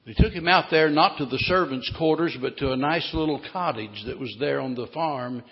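Brief: male preacher, fairly high voice, dramatic sermon, dull recording in a long-echo church. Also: normal speed. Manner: dramatic, swings between loud and hushed. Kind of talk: sermon with storytelling.

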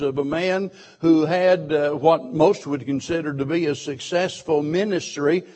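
A man's voice: a little high, darkish tone. A man preaching a sermon to his church, emphatic, repeating key phrases and asking the listeners questions.

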